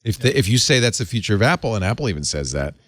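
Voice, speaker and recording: A middle-aged man hosting a tech talk show, animated and conversational. His voice sits low but moves a lot. The sound is close and dry. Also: very fast, no room sound. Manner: animated, conversational, laughs often. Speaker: show host. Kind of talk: casual panel chat and read advertisement.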